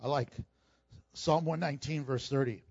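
A male pastor giving a conversational, emphatic sermon with quick asides to the congregation. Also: medium pitch, vocal fry, a little mellow, husky, no echo, dull audio.

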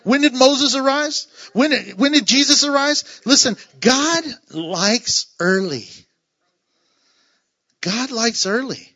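A man's voice: very high-pitched, lively intonation, slow, pushed and bright, highs cut off. A man preaching a sermon as pastor, playful, with joking asides and chuckles.

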